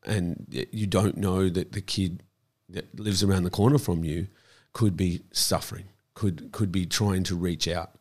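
Measured in pace and low-pitched with a darkish, steady tone, this man is an interview guest discussing his child protection campaign in earnest. Conversationally, he tends to repeat words while thinking.

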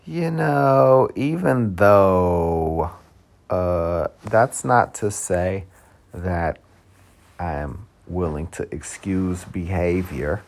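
A man's voice: low voice, extremely slow, vocal fry. A man hosting a podcast in a casual, rambling monologue, full of "you know" and with the odd curse. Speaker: podcast host.

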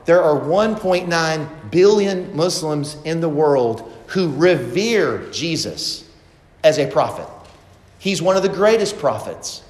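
A man's voice: on the high side, animated, slow pace, a little mellow, echoey room, big-room sound. A man preaching a sermon as pastor, asking the congregation rhetorical questions.

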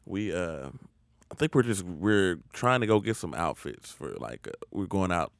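Male co-host, expressive and profane, dry close-miked sound. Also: deep voice, moderate pace, creaky, no echo. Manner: animated, swears freely. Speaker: podcast co-host. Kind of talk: casual profane storytelling.

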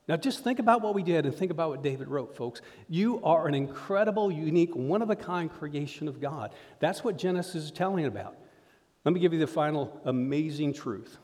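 A man preaching a lively sermon to his congregation, often calling them folks. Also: fairly high pitch. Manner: energetic preaching, addresses crowd as folks. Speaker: pastor. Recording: reverberant hall sound.

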